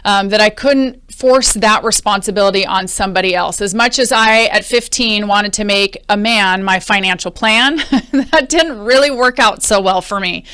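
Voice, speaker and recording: A woman hosting a podcast interview, chatty and quick to laugh. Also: mid-range voice, pushed and bright, smooth. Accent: American. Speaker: podcast host.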